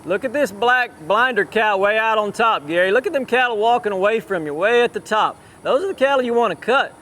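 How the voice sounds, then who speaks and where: A man with a high-pitched voice coaches a rider through a cutting run in an outdoor arena. He calls out short commands and repeats them over and over. Faint traffic and outdoor sounds sit behind him. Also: lively intonation, a little fast, fairly bright tone. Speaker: cutting horse trainer. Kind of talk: live riding coaching.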